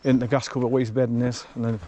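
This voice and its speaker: A man's voice: mid-range voice, little pitch movement, rapid-fire, mellow, a little hiss or hum. Chatty man walking outdoors. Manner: rambling, chatty, chuckles often. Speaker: vlogger walking his dog. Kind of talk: casual walking vlog commentary. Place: outdoors on a forest track.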